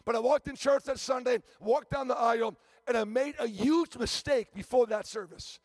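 A man's voice: very high voice, moderate pace, gravelly, no room sound, clean studio sound. A man preaching a sermon as a visiting preacher, telling stories emphatically with frequent restarts and stammers.

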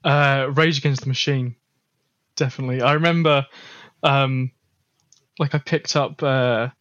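A man's voice: mid-range voice, fairly even intonation, unhurried, fairly bright tone, dry recording, highs cut off. A man, a band's guitarist, telling a story in a casual chat, with lots of fillers. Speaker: guest guitarist.

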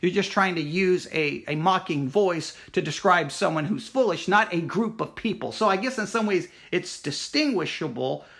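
A man from Texas holds forth as host of a Christian talk program. His voice sits high, and he rambles in an animated, loose monologue, restarting sentences and leaning on fillers as he works through his points. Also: moderate pace, gravelly, few pauses. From Texas, USA. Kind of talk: casual monologue.

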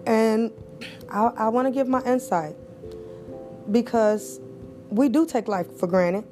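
A middle-aged woman talks on her podcast in a heartfelt, preacher-like way, repeating phrases as she prays. She sounds close to tears throughout. Her voice sits a bit high yet soft and warm, with faint music playing underneath. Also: slow pace. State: emotional, near tears. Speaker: podcast host. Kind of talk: emotional podcast monologue with prayer.

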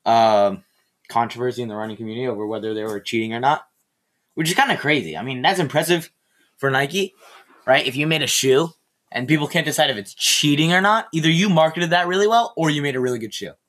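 A man's voice: mid-range voice, quick pace, a bit bright. A teenage boy hosting a casual solo podcast, ranting in a rambling, sarcastic, easily exasperated way. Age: teen. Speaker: podcast host.

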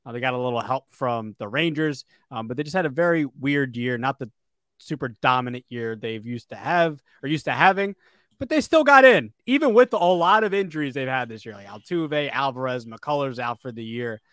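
A man's voice: mid-range voice, fairly quick, a bit bright, no echo. Guy cohosting a sports show, rambly with lots of ums, dry close mic. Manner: rambling, lots of fillers and restarts. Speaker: podcast co-host. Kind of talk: casual sports chat.

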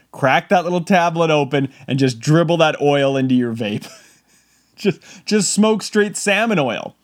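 A man giving a casual comedic monologue, rambling and laughing often with mock-outraged asides. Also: fairly high pitch.

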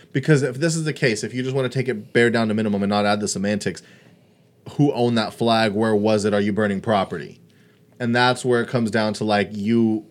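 Guy with a lowish voice, rambly casual podcast talk, lots of likes. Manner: rambling, restarts, heavy use of "like". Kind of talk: casual chat.

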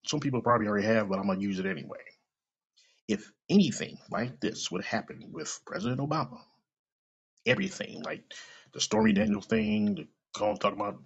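A man's voice: medium pitch, vocal fry, breathy edge. A man hosting a podcast, delivering a blunt, profane, heated opinion rant. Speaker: podcast host. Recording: dull lo-fi recording.

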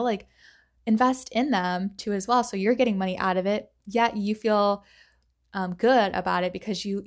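Chatty woman rambling on her podcast. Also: medium pitch. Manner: chatty, rambling, many fillers; animated, acts out quoted thoughts. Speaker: podcast host. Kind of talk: casual solo podcast talk.

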